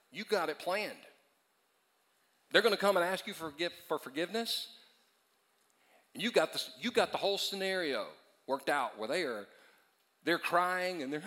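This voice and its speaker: Bright-voiced male pastor preaching. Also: on the high side, big-room sound. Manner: emphatic repetition, swings between loud and hushed. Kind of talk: sermon. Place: church auditorium.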